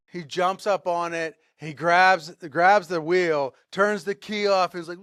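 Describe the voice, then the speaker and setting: A man tells a story on a podcast with lively energy, acting out the people in it. His voice sits a bit high. The sound is dry and close, with no room echo. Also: a little slow, hardly any pauses, clear, resonant tone. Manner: animated storyteller, acts out shouted quotes. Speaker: podcast co-host. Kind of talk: casual storytelling.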